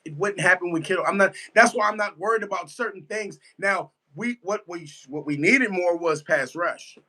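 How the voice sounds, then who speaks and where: A man's voice: sits high, moderate pace, bright, forceful tone. A man giving a casual live reaction to a football game, emphatic and repetitive, answering his chat as he goes. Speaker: sports fan streamer.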